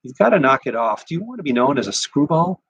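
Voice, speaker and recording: A man's voice: mid-range voice, big pitch swings, fast, a bit bright, breathy edge, no room sound, muffled recording, voice pushed up, exaggerated voice. A man voicing a patronizing teenage boy lecturing his younger brother.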